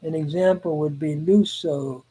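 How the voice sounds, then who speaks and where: A man teaching Greek grammar in a recorded lesson, reciting word forms one at a time and pausing often with "uh.". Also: a little high, steady tone, dark tone, husky, poor audio.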